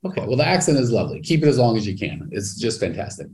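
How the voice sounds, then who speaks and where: A man hosting a podcast and coaching a guest, talking enthusiastically with big swings in pitch. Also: sing-song, fast talker, a little mellow. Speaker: business coach and podcast host. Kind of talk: podcast interview.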